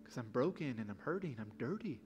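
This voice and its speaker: A man's voice: medium pitch, very animated, fairly quick, over music. A man preaching a sermon as pastor in a church, earnest and building to emphatic passages. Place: church sanctuary.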